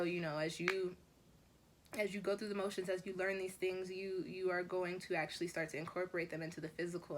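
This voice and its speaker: A woman with a notably low voice delivers a tarot reading in an easygoing, rambling style. She drifts between thoughts and drops in the occasional swear word. A faint hiss sits under her voice. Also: fairly bright tone. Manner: casual, rambling, with mild swearing. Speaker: tarot reader.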